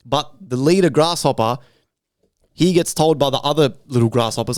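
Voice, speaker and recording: An Australian man hosting a casual podcast chat, animated and swearing heavily. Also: mid-range voice, normal speed, no echo, clean studio sound. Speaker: podcast host.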